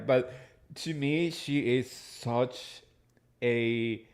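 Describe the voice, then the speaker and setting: A man's voice: mid-range voice, drawn-out words. A man hosting a casual chat show, talking with enthusiastic gossip and many filler words. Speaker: podcast host.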